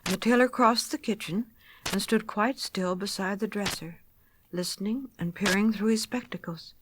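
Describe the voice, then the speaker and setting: Brief: female storyteller, soft children's story reading, middle pitch. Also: moderate pace, noisy background.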